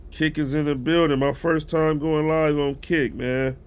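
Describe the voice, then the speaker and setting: A man's voice: on the high side, fairly even intonation, a little slow, clean tone. A man with a cold and a stuffy nose, chatting casually with his live-stream viewers about football news. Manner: chatty, greets chat viewers directly.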